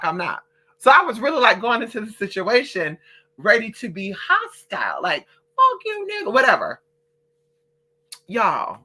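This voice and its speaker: A woman telling a long, profane story in a casual storytime vlog, talking straight to her viewers and acting out other people's voices. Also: medium pitch. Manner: animated, profane, chatty. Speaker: vlogger.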